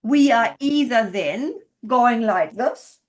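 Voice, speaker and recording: A woman couples therapist demonstrating a session to a group, speaking gently and checking in often to validate what she hears. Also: fairly high pitch, lively intonation, slow pace.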